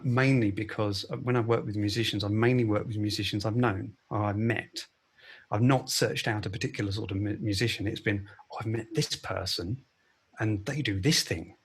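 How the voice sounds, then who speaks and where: Male director, low and husky, halting delivery. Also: a bit bright. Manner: hesitant, with many fillers and restarts. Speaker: film director. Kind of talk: interview answers.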